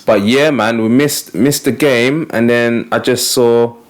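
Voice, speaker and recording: A man's voice: medium pitch, fairly even intonation, a little slow. A man hosting a casual football podcast, upbeat and slangy, laughing often. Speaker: podcast host.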